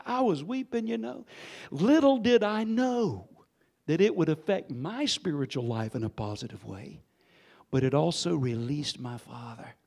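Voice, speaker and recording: This pastor in their sixties has a high-pitched voice with vocal fry. Preaching in a church sanctuary, they tell a story with abrupt shifts between quiet and loud delivery, urging the congregation to answer back.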